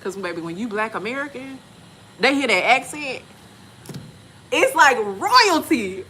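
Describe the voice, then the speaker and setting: A woman's voice: fairly high pitch, very animated, measured pace, pauses often, sharp tone, breathy edge. A woman in her forties from Texas, telling travel stories in casual, slangy chat and laughing often. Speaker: vlogger and respiratory therapist.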